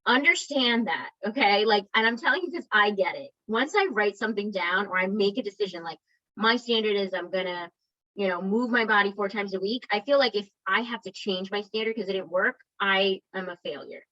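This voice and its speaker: A woman's voice: medium pitch, brisk, bright, forceful tone, muffled recording. A woman wellness coach giving a conversational motivational talk to an online group, encouraging and often checking in with her listeners.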